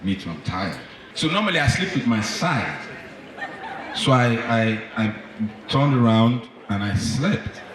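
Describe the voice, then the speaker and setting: A man doing stand-up, telling a story in an animated way and speaking straight to the men in the audience. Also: mid-range voice, takes it slowly, slight background noise. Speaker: stand-up comedian. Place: comedy club stage. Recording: echoey live club, from far off, crowd.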